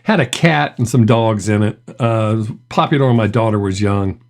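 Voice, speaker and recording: A man's voice: fairly low pitch, moderate pace. A middle-aged man hosting a reaction video, telling stories in a chatty way and laughing often. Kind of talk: casual reaction commentary.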